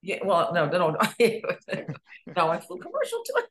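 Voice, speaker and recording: A middle-aged New York woman, a real estate agent appearing as a podcast guest, chats casually, laughs often, and tells stories with animation. Her voice runs on the low side with huge pitch swings, and she speaks a little slowly.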